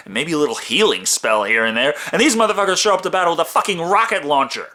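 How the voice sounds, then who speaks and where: A man narrating a comedic movie review in a sarcastic, profane, animated way. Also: on the high side, rapid-fire, few pauses.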